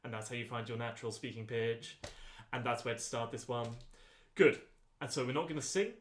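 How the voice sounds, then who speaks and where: A man leading a choir rehearsal voice lesson, giving calm, unhurried instructions with frequent ums. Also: mid-range voice. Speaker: choir voice teacher. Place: rehearsal room. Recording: echoey rehearsal room.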